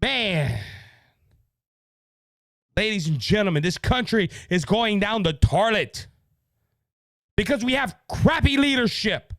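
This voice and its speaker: A man's voice: high voice, animated, slow pace, pauses often, no room sound. A man with a Louisiana Cajun accent hosting his podcast, ranting in heated, angry political commentary. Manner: heated, yelling, repetitive. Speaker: podcast host.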